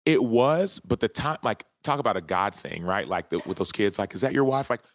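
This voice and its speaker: A man in his thirties with a low, deep voice shares a personal story as a podcast guest. He speaks earnestly and from the heart, in a relaxed conversational interview. The sound is close and dry, with no room echo. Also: fairly quick.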